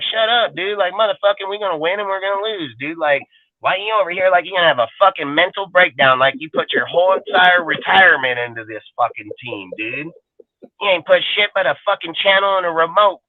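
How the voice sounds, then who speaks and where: A man's voice: on the high side, dry recording. A man co-hosting a fan sports talk show, ranting crudely and combatively and swearing nonstop. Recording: dry, phone-like sound.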